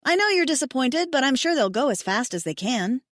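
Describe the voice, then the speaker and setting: A woman's voice: high voice, sing-song, fairly quick, no echo, clean studio sound, pitched above the performer's own voice. Narrator as a kind encouraging woman friend.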